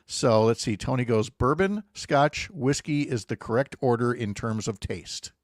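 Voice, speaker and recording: A man's voice: medium pitch, unhurried, no room sound, clean studio sound. A middle-aged man hosting a morning radio show in a casual, joking way, with wry asides. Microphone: studio microphone.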